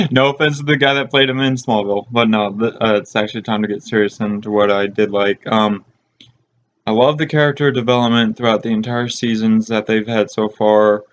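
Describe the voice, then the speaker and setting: A man's voice: fairly low pitch, fairly quick, highs cut off. A man co-hosting a review, giving his opinion in a casual, hesitant way with fillers.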